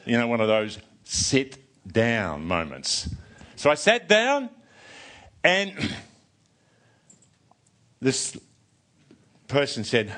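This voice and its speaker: An older man preaching a sermon, telling a personal story in an animated way, often restarting and repeating words. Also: medium pitch, extremely slow, pauses often.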